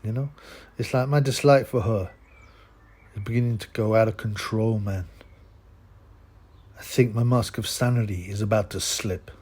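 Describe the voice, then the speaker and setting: A man's voice: fairly low pitch, moderate pace, pauses often, a little mellow, husky. A man hosting his own channel, delivering a crude, scornful ranting monologue and tagging his sentences with "man" and "yeah?". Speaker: channel host.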